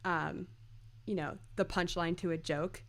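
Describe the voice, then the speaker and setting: A woman's voice: on the low side, fairly even intonation, unhurried. A young woman co-hosting a podcast, chatting casually and laughing as she quotes favorite lines. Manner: giggly, quotes lines in character voices. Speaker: podcast co-host. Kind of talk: casual fan chat.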